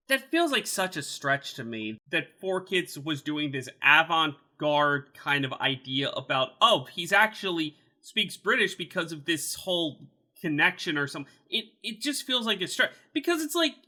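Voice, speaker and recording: A man hosting a casual podcast chat, animated, incredulous and swearing freely. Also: on the high side. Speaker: podcast host.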